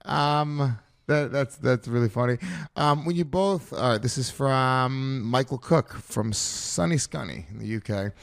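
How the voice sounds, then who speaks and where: Brief: male podcast co-host, relaxed and easygoing, mid-pitched, casual banter. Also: a little slow, gravelly. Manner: easygoing, reads listener questions.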